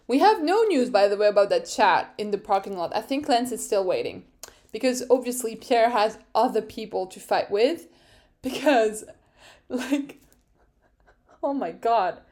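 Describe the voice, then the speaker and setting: A young woman hosts a casual solo podcast recap in a fairly high voice. She talks slowly and unhurriedly, but stays animated, laughs often and swears freely. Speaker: podcast host.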